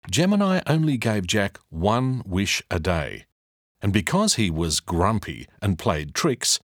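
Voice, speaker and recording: Slow, lively male storybook narrator. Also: low voice, no room sound, studio quality. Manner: slow, expressive reading. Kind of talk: children's audiobook read-along.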